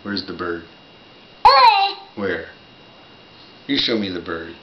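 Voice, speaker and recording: Slow, deep-voiced grandpa coaxing a toddler. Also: male voice. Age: older. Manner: gentle, coaxing baby talk with simple questions. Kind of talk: reading a picture book aloud to a small child. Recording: roomy, dull lo-fi home recording with loud noise.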